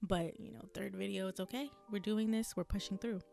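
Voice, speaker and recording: A woman's voice: mid-range voice, steady tone, brisk, gravelly, mellow, faint music behind. A young woman hosting a solo podcast, venting in a candid, rambling way, swearing freely and laughing at herself, her voice strained from a long day of recording. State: strained, burning vocal cords. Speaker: podcast host.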